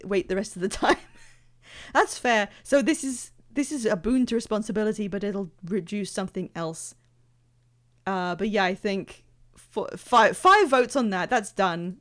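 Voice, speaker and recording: A woman's voice: mid-range voice, lively intonation, normal speed. A young British woman chatting casually and rambling as she streams a game. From Britain. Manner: chatty, rambling, self-interrupting. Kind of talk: casual live-stream chat.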